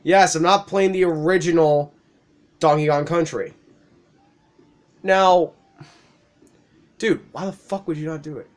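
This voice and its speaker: A young man with a fairly high voice narrates his game in loose, profane commentary. He reacts loudly, swears freely and breaks into laughs as he plays. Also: a little slow, pauses often. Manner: profane, excitable, laughs often. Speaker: let's play host.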